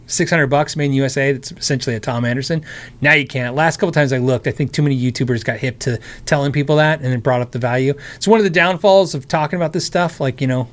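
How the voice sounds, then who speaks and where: A man's voice: mid-range voice, fairly bright tone. An American man hosting a casual live stream, answering chat questions about guitars in a rambling, friendly way, his voice tired and worn. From United States. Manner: rambling, friendly, with many restarts and asides.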